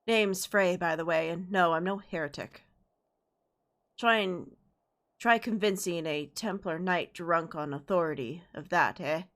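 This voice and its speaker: Woman reading a wry dark knight mentor. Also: lowish voice. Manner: measured, wry, reading dialogue aloud. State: sore throat. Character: calm confident male dark knight mentor. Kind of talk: reading game dialogue aloud.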